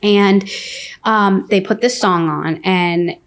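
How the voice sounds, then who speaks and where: A woman's voice: mid-range voice, slow. Candid woman telling her story. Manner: candid, says "like" often. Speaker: podcast guest. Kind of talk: casual personal storytelling.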